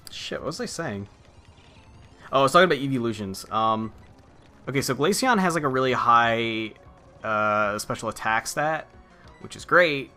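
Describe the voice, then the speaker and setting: A man's voice: medium pitch, bright, forceful tone. A young man giving casual, rambling commentary while playing a video game, swearing offhandedly. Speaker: let's play gamer.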